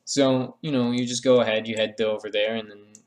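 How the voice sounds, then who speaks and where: A man's voice: fairly low pitch, steady tone, brisk. A man talking through a drawing tutorial in a meandering, joking voice-over full of fillers and restarts. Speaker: art tutorial creator. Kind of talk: rambling comedic voice-over.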